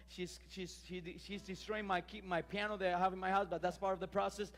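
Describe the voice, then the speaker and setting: A male pastor, preaching a lively sermon full of restarts and emphatic rises. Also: high-pitched, fairly quick, few pauses, big-room sound. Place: church sanctuary.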